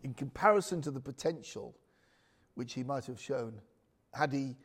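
A man's voice: medium pitch, normal speed, a little hiss or hum. A man preaching a chatty, joking sermon full of asides. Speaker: pastor.

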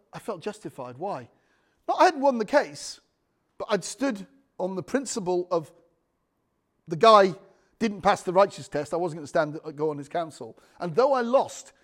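A man preaching a sermon, telling a personal testimony with frequent restarts and calls for amen. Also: sits high. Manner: anecdotal, restarts often, calls for amens.

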